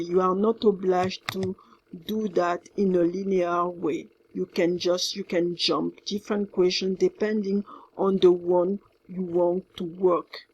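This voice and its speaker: A woman with a French accent records instructions for her class. She talks slowly and carefully, repeating her points, with a slightly husky voice. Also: on the low side, a little mellow, highs cut off. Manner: slow, careful, repeats herself, mixes in French words. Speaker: French teacher.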